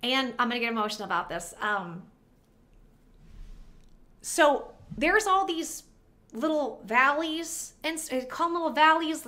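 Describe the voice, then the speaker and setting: A chatty woman vlogger talks straight to her viewers, rambling through a personal story and getting emotional along the way. Her voice sits high and sounds bright. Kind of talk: casual storytime vlog.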